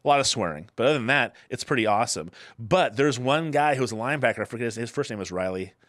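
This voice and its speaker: A middle-aged man co-hosting a talk show, telling stories in an animated, chatty way with some swearing. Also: mid-range voice, fast, no room sound, studio quality. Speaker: podcast co-host. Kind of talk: casual chat.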